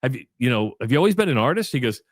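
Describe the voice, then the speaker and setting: A man's voice: mid-range voice, sing-song, rapid-fire, no echo, studio quality. A middle-aged man from Iowa co-hosting a radio show, telling a long story and acting out both sides of the chat. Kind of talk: casual storytelling on sports radio.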